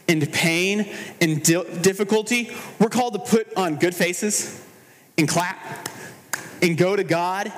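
A man preaching a sermon as pastor, earnest and measured, slowing down for emphasis. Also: high voice, big-room sound.

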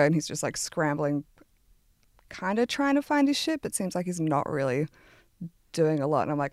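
A young woman, telling a chaotic dating story on a podcast, fast and laughing at herself. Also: lowish voice, lively intonation, a little mellow, no room sound, clean studio sound. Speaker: podcast guest. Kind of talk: casual storytelling chat.

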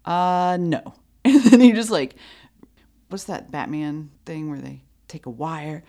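A woman with a very low voice tells a story in a relaxed conversation. She is animated, laughs often and acts out what people said. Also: a little slow. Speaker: storyteller in a chat. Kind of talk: casual chat.

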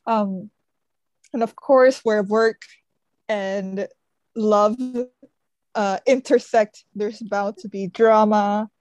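A woman's voice: mid-range voice, fairly even intonation, takes it slowly, long pauses, darkish tone, no room sound. A woman podcast co-host retelling a book plot in casual chat, full of "like" and "sort of" fillers. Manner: chatty, frequent fillers like "sort of" and "like".

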